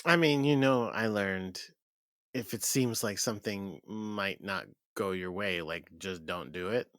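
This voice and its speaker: A man's voice: lowish voice, a little slow, fairly bright tone, no echo. A man co-hosting a podcast, chatting casually with big, exaggerated reactions and frequent laughter. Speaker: podcast co-host.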